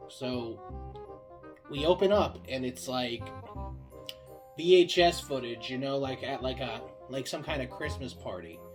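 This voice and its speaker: A young man pitching show ideas in a casual comedic monologue, rambling and swearing freely, full of filler words. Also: music in the background. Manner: acts out the other characters' lines in quick bursts.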